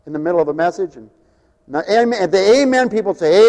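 A man preaching, mocking his listeners with sudden swings between loud bursts and near-whispers. His voice sits high. The sound rings out with a long reverb. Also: fairly quick. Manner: animated, mocking, wide swings in loudness. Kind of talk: sermon.

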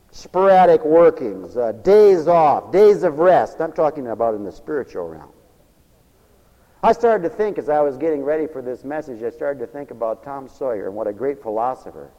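A male preacher in full flow, his voice pitched high and echoing with a long reverb as if through a church hall. He hammers repeated phrases loudly, then drops to low, confiding murmurs, a sermon taped for radio. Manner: fervent, repetitive, swings from shouts to low murmurs.

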